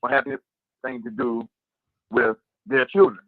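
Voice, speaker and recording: A man's voice: mid-range voice, unhurried, no room sound. Brief: male phone caller, emphatic and opinionated, tinny phone line. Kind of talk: casual call-in radio chat.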